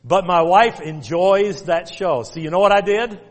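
A middle-aged pastor with a high-sitting voice preaches at a measured pace in the church sanctuary, telling folksy stories and emphatically repeating commands. The hall's long reverb fills the recording.

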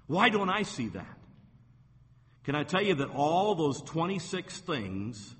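Bright-voiced preaching pastor, man. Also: fairly high pitch, sing-song, slow pace, a little hiss or hum. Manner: emphatic preaching, reading scripture aloud with rising force. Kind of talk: sermon. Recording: long reverb of a church hall.

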